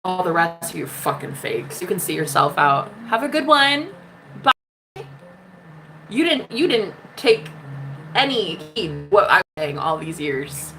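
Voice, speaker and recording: A woman's voice: on the low side, sing-song, normal speed, creaky, noisy background. A woman delivering an impassioned spiritual monologue, sassy and emphatic, swearing often and calling the listener "honey". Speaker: spiritual love-reading vlogger. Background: music.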